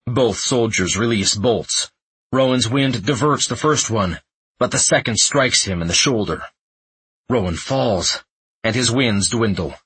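Husky, slow audiobook narrator, a man. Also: on the low side, fairly bright tone, no echo, poor audio.

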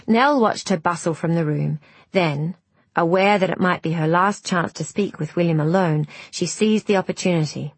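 A woman narrating an audiobook in a measured, even storytelling manner. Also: on the low side, breathy edge, no echo.

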